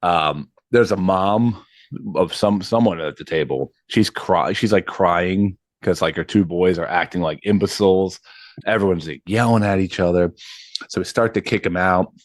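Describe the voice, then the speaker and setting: A man in his thirties spins a rambling anecdote, full of fillers and bursts of acted-out quotes. His voice sits very low. It is recorded close and dry, with no room sound. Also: moderate pace, no echo. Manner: animated, acts out quotes, frequent ums and likes. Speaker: podcast host and comedy show MC. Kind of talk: casual storytelling.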